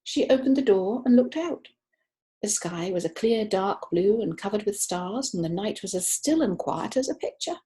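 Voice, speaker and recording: A woman narrating a children's book, expressive and stretching words for effect. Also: mid-range voice, normal speed. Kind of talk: children's audiobook reading.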